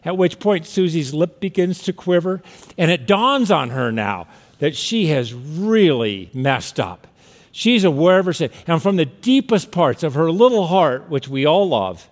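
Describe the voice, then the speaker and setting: A man's voice: fairly high pitch, sing-song, measured pace. A man preaching a sermon as pastor, telling stories and rising to emphatic peaks. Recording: hall reverb.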